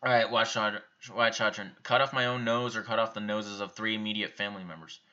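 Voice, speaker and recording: A man's voice: lowish voice, level tone, fairly quick, bright, forceful tone, highs cut off. A young man hosting a live viewer Q&A, reading out questions and answering them offhand and bluntly in a casual chat. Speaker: YouTube channel host answering viewer questions.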